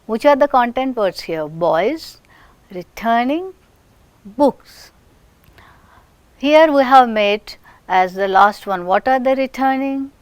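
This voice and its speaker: A woman with an Indian English accent lecturing on phonetics, speaking deliberately with frequent restarts and example sentences. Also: fairly high pitch, lively intonation, smooth, no room sound.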